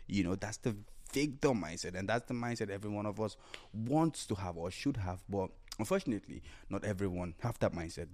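A man's voice: lowish voice, animated, brisk, a little mellow. A man hosting a solo podcast, talking casually about mindset and acting out imagined inner voices with repeated phrases. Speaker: podcast host.

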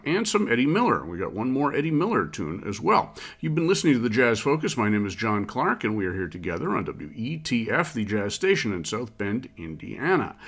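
Easygoing man hosting jazz radio. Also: mid-range voice. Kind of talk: relaxed radio commentary.

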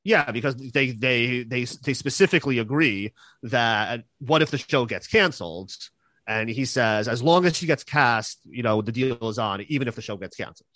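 A man's voice: mid-range voice, normal speed, sharp tone, no echo. A male podcast host recapping a TV episode in casual chat, hesitant and full of fillers. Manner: hesitant, lots of fillers and restarts.

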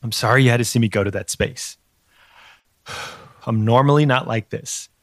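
A man's voice: mid-range voice, moderate pace. A man hosting a comedic audio drama as an amateur detective, talking awkwardly and switching to sudden screaming. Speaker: podcast host playing an amateur detective.

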